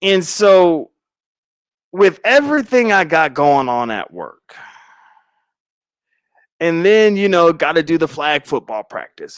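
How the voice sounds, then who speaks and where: A middle-aged man chats casually to his stream, drawing out a dramatic story with slangy asides and lots of laughter. His delivery is unhurried, with a slightly high voice that swings widely in pitch. The sound is close and dry. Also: sing-song, clean tone, no echo. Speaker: livestreaming content creator. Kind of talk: casual livestream chat.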